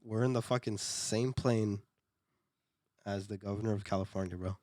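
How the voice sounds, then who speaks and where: A young man with a fairly low voice tells a story on a podcast, loose and chatty, laughing and swearing as he goes. He stumbles over and repeats words. The sound is close and dry, with no room around it. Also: fairly even intonation, normal speed, mellow, no echo. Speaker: podcast co-host. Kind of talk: casual storytelling chat.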